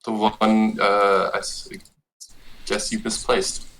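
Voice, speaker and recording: A man's voice: lowish voice, flat delivery, takes it slowly, a bit bright, low-quality recording. A man playing his character in a tabletop game, hesitant and evasive, with many fillers. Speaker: player.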